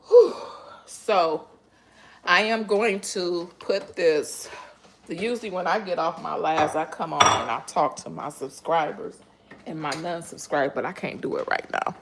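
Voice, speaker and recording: A woman talks to her viewers live while she cooks in her home kitchen. Her voice sits a little low, and she calls out to them as y'all. Her speech is emotional and full of breathy exclamations. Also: measured pace, fairly bright tone, slight background noise. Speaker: cooking channel host. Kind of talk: live-stream cooking chat.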